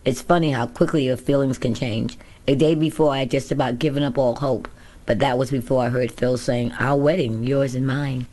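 A woman's voice: rumbling low, steady tone, fairly quick, dark tone. A woman narrating her own memoir as an audiobook in a candid, first-person storytelling manner. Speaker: author reading her memoir.

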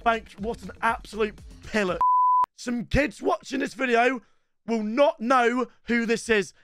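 A young man doing loud, sweary gaming commentary for his viewers. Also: very high voice, unhurried, soft background music. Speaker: gaming YouTuber.

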